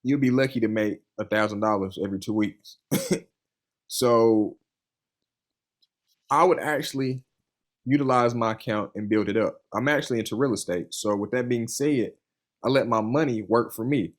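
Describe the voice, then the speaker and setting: In an interview, a young funded trader talks with casual earnestness, his storytelling rambling and sprinkled with "you know" and "man." His medium-pitched voice moves at a normal speed but leaves long pauses. His manner is earnest and enthusiastic.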